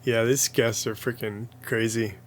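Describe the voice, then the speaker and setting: A male podcast host in a relaxed interview chat. He laughs easily and answers his guest with quick, eager reactions. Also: medium pitch, crowd noise.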